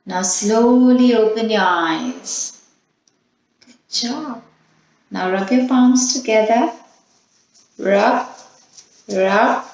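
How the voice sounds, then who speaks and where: Woman teacher reading a storybook to small kids, unhurried and coaxing, with a strong room echo. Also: on the high side, creaky. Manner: slow, gentle, coaxing, asks children questions. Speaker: children's teacher. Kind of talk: storytime and calming exercise for young children. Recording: very echoey room.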